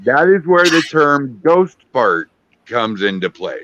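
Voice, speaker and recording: A man's voice: medium pitch, sing-song, takes it slowly, a bit bright, highs cut off. A man co-hosting a podcast, telling a joking story in casual chat. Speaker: podcast co-host.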